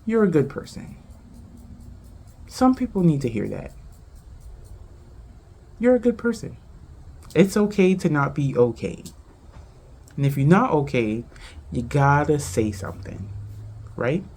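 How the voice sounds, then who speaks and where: A woman from Charleston, South Carolina with a Geechee accent, hosting a casual podcast, talking fast and tripping over her words. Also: sits low, very animated, a little mellow, slight background noise. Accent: Gullah Geechee, Charleston, South Carolina. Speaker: podcast host. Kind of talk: casual family podcast chat.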